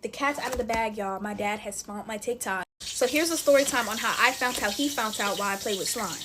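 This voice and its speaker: Her voice runs on the high side and fairly quick, with background noise behind it. She's a TikTok storyteller in her twenties, fiddling with slime through a filler-heavy casual storytime and calling her viewers "y'all."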